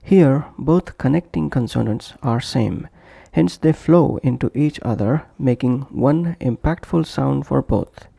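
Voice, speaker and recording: Slow, gravelly man teaching pronunciation. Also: mid-range voice, warm tone, dry recording, studio quality. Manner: slow, deliberate, repeats example phrases for drill. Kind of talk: scripted instructional narration.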